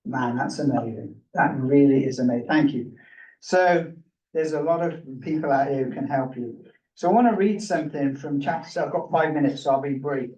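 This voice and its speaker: A man's voice: fairly high pitch, brisk, darkish tone, reverberant, distant mic, dull audio. A man speaking casually to a workshop group, engaging and self-deprecating, asking the audience to raise their hands. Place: meeting room with a live group.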